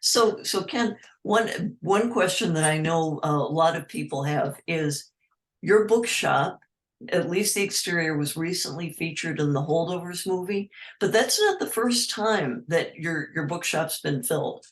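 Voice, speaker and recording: A moderator putting a question to the guest speaker, halting and rephrasing as the question goes on. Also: mid-range voice, fairly bright tone. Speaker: event moderator. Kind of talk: audience Q&A.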